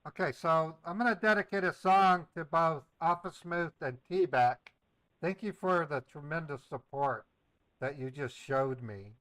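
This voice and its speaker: A man's voice: fairly high pitch, no room sound, low-quality recording. Chatty man hosting a scambait stream. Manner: playful, chatty, feigns eager excitement to the scammer. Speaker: scambaiting livestream host. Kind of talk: casual livestream chat.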